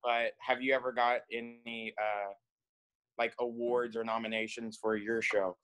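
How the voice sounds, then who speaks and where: High school guy asking a question over zoom, flat voice, kinda unsure. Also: unhurried, low-quality recording. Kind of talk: question on a video call. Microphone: video call.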